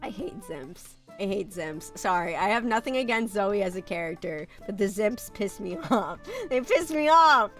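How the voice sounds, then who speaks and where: A woman's voice: medium pitch, moderate pace, few pauses, faint music behind. A sick woman streamer with a light American country accent, chatting casually and bluntly, laughing often and coughing. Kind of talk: casual live-stream chat.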